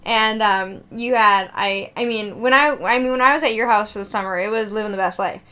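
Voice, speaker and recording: A young woman hosting a podcast, telling a story in an animated, laughing, casual way with many fillers. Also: mid-range voice, brisk, clean tone. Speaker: podcast host.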